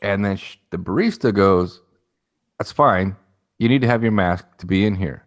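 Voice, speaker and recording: A man's voice: deep voice, normal speed. A man co-hosting a podcast, casually telling a rambling story and acting out the people in it. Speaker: podcast co-host.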